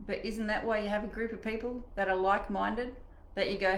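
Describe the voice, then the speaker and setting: Animated woman coaching in an echoey room. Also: mid-range voice, a little fast. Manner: animated and chatty, acting out inner voices. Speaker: mindset coach. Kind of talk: live online coaching session.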